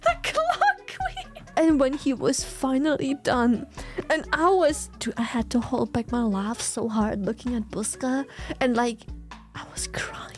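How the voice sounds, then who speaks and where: A woman's voice: high voice, big pitch swings, unhurried, over music. A young woman streamer telling a story casually to her chat, swearing freely and often breaking into giggles.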